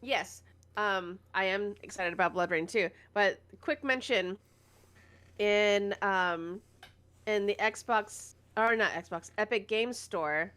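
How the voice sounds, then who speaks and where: A woman co-hosting a casual gaming news chat, chatty and giggly with quick asides. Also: mid-range voice, fairly bright tone, smooth. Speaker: podcast co-host.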